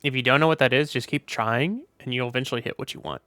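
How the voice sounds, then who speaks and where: A man's voice: mid-range voice, quick pace, bright, forceful tone, clear, resonant tone, dry recording. A tired, sleepy man chatting casually on a live stream, rambling and offhand with the odd swear. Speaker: VTuber streamer.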